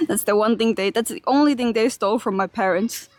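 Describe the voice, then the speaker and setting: A woman's voice: on the high side, normal speed, a little mellow. A young woman from Finland chatting casually to her livestream audience while walking outdoors through a park, holding a phone camera. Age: young adult. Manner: chatty, laughs easily, talks to chat. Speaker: IRL streamer. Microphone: handheld phone camera.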